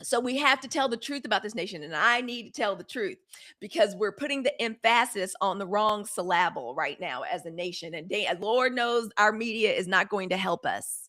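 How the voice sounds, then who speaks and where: A woman hosting a live news stream, talking straight to her viewers in a sassy, animated way. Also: mid-range voice, brisk. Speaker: host of a daily live news show. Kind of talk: casual live-stream commentary.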